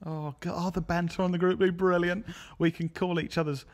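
A man's voice: high voice, level tone, a little fast. A man from England co-hosting a podcast, telling rambling stories in casual chat and mimicking people he quotes. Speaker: podcast co-host.

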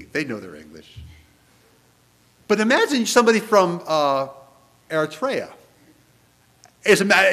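A man preaching a sermon in church, animated and conversational, posing many rhetorical questions to the congregation. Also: mid-range voice, slightly rough. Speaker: pastor.

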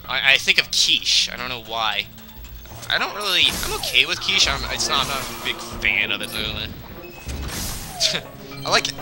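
A man's voice: mid-range voice, low-quality recording. A man giving casual, rambling commentary while playing a video game, talking back to the game when things go wrong. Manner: rambling, excitable, scolds the game aloud. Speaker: let's play commentator. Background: game music.

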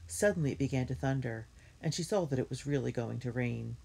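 A woman reads a children's chapter book aloud, measured and gentle like a storyteller. Her voice is very low and husky, with a gravelly texture.

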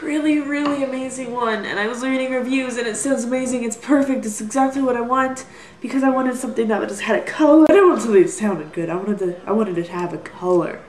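A woman's voice: a little high, fast talker, a little mellow, echoey room, low-quality recording. A young woman rambling through a casual vlog, apologizing often and putting herself down. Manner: rambling, apologetic, self-deprecating. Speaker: vlogger. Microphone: built-in computer mic.

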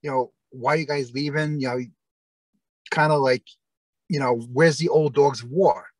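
As a guest in a casual interview, a man tells rambling stories full of fillers and restarts. His medium-pitched voice has fairly even intonation and a normal speed. There's no echo in the recording.

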